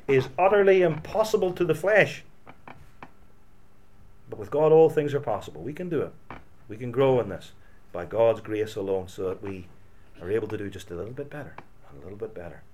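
A male pastor preaching a sermon, swinging between loud emphatic lines and quiet, low asides.

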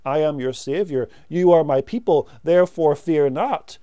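A man delivers a sermon at an unhurried pace, his voice a touch higher than most men's and mellow. His tone is smooth and resonant, and the recording is close and dry. He stresses key words and lets phrases fall away quietly. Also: no echo. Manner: slow, emphatic preaching with rising and falling emphasis. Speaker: preacher.

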